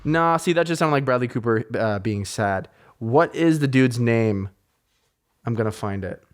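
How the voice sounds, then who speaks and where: A male podcast host talking in loose, casual chat, with a middle-pitched voice. He rambles and swears freely, and he pokes fun at himself as he goes. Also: lively intonation, normal speed. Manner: rambling, profane, self-mocking.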